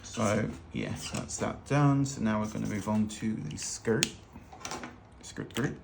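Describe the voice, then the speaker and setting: A man's voice: lowish voice, steady tone, measured pace, gravelly, background noise. A man teaching fashion illustration in a loose, chatty, self-deprecating way while he draws. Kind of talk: casual drawing tutorial narration. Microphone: hands-only overhead camera.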